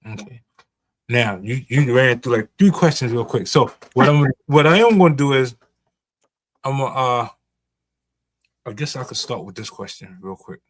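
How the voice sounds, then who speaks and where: A man's voice: mid-range voice, animated, normal speed, long pauses, no room sound. Casual man interviewing, dry sound. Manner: casual, rambling. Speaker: magazine interviewer. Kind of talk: interview questions.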